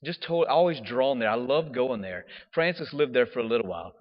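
A man, a diocesan priest, telling a personal story in a chatty, animated way with casual fillers. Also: medium pitch, fairly quick. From United States. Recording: dull audio with long hall reverb.

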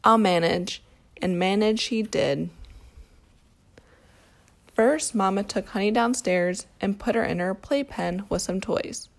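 A woman reading a picture book aloud to a child, telling the story in a calm, steady way. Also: mid-range voice, slow, gravelly, pauses often. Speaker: storybook reader.

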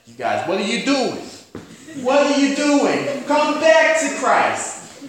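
Casting: a man putting on an exasperated New York-accented apostle. He is higher than his own voice and pleads and scolds loudly. Very echoey hall. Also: huge pitch swings, takes it slowly, slight background noise, exaggerated voice. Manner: loud scolding pleas. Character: adult male apostle, exasperated, urging people back.

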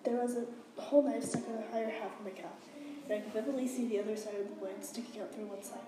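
A woman reading a first-person novel aloud, with halting slips and restarts. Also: on the high side, steady tone, roomy sound, far from the mic, background noise. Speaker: reader.

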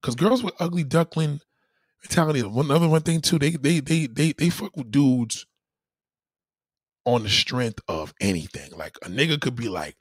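A man's voice: mid-range voice, moderate pace, breathy edge, no room sound, studio quality. A man chatting casually as a host, telling profane stories and acting out quoted people. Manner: animated, profane storytelling with mock-quoted voices. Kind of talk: casual chat.

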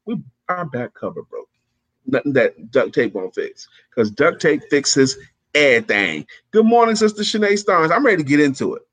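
A man's voice: fairly high pitch, big pitch swings, fairly bright tone. Upbeat man hosting a morning chat. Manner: upbeat, laughs often, slow emphatic reading. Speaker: host. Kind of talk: casual chat and reading aloud.

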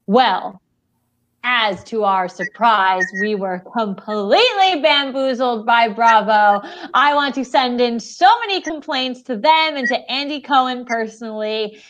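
A woman's voice: fairly high pitch, animated, unhurried, a bit bright. A woman co-hosting a podcast in casual chat, telling stories in a dramatic, indignant way. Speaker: podcast co-host.

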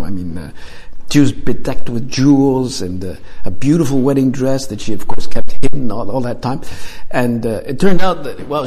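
A man's voice: medium pitch, a little mellow. A man preaching a homily as a priest, talking conversationally with frequent fillers and repeated phrases.

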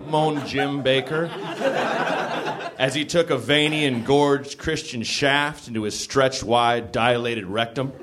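A man's voice: medium pitch, lively intonation, a little slow, a crowd in the background. A man comedian reading a raunchy story aloud to a live theater audience, stumbling and laughing now and then. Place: small theater stage.

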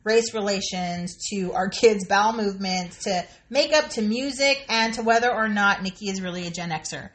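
A woman's voice: medium pitch, normal speed, hardly any pauses, fairly bright tone. A woman co-hosting a podcast, chatting candidly and swearing freely. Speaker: podcast co-host. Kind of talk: casual chat.

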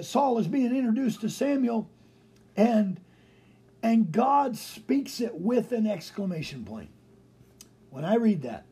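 Gravelly, animated male preacher. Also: high voice. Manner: animated preaching, repetitive emphasis. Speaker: pastor. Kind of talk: broadcast sermon.

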